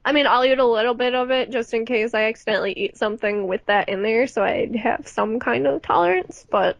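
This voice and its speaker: High-voiced giggly young woman. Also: a little fast, gravelly, no echo. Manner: giggly, chatty, self-mocking. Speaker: podcast co-host. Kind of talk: casual chat. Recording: dull lo-fi podcast recording.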